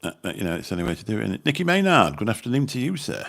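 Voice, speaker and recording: A man's voice: lowish voice, huge pitch swings, racing, gravelly, fairly bright tone. A man with a Birmingham accent, rambling casually as he chats with viewers on a livestream, swearing mildly. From Birmingham, England. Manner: rambling, chatty, mild swearing. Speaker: channel host chatting with viewers.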